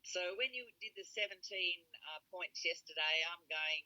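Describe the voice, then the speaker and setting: A middle-aged woman calls in to a coaching session and earnestly describes her progress, pausing on fillers now and then. Her voice is very bright and tense, and it sounds dry and close to the mic. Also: lowish voice, no room sound, rough recording. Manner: earnest, a little hesitant, with filler words. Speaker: caller sharing progress. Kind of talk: casual call-in chat.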